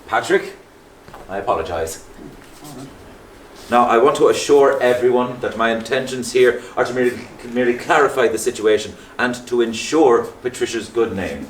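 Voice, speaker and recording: An actor with a Liverpool accent playing a pompous, meddling middle-aged Catholic priest who hesitates and repeats himself. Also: male voice, mid-range voice, normal speed, natural voice. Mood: smug, probing. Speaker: parish priest. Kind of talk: stage play acting. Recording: echoey stage with faint noise.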